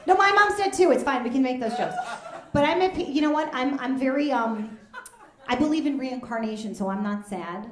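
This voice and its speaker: A woman in her thirties doing stand-up on stage, with a deadpan, chatty delivery. The room is echoey, and loud audience noise sits behind her. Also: high voice, a little fast. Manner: deadpan, conversational, drops into asides. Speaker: stand-up comedian. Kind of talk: stand-up comedy set. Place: stage at a live comedy fundraiser.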